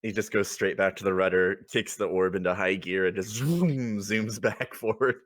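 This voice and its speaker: A man's voice: sits low, normal speed. A man narrating as game master in a tabletop game, casual and often laughing.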